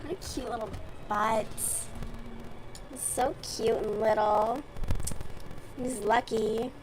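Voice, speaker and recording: A woman's voice: fairly high pitch, steady tone, takes it slowly, music in the background, poor audio. A young woman from the US South chatting casually and bluntly with her stream viewers while she crochets, with plenty of swearing.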